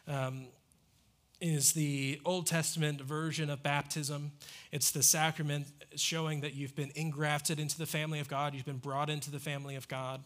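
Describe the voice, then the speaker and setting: A man's voice: a little high, a bit bright. A man preaching a sermon in an earnest, emphatic way, asking rhetorical questions and answering them. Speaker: pastor.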